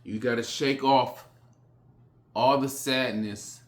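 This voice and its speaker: A man giving a blunt motivational speech, repeating short phrases with sudden forceful rises. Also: medium pitch, steady tone. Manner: blunt, repetitive, hammering phrases; slow, emphatic delivery with sudden loud rises. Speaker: motivational speaker.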